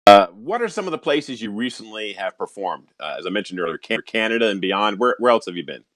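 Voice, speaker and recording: A man hosts a casual radio interview, asking questions and moving to callers. His pitch moves around a lot as he talks. He keeps his turns short. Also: animated, quick pace, a bit bright. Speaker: interview host.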